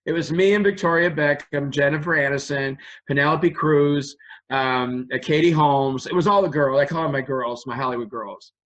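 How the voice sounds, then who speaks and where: A man's voice: on the high side, moderate pace, fairly bright tone, poor audio. A man as an interview guest, telling rambling stories in a chatty way with a runny nose. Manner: rambling, chatty, laughs mid-story. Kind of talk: casual storytelling interview.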